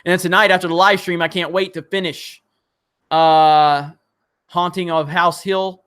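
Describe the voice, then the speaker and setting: A man's voice: sits high, fairly even intonation, unhurried, a bit bright, clear, resonant tone. A man from Alabama hosting a live stream, chatty and enthusiastic as he reads out viewer chats. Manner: chatty and enthusiastic, many fillers. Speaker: livestream host reading viewer chats. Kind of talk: casual live-stream chat.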